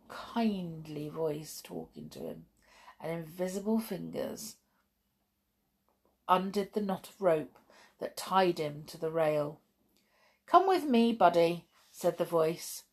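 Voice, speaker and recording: Slow husky woman reading a children's story. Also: low-pitched. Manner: gentle, expressive, chatty sign-off. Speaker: storyteller podcast host.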